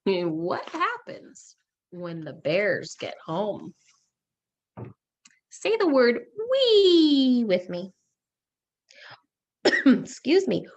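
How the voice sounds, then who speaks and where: A woman teacher reading a story aloud in a lesson, expressive and asking questions. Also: medium pitch, extremely slow, pauses often, muffled recording.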